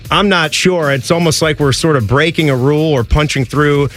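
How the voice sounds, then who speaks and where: A man's voice: a little high, normal speed, fairly bright tone, soft background music. A man co-hosting a sports radio talk show, chatting in a playful, teasing way. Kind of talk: casual sports radio banter. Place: radio studio.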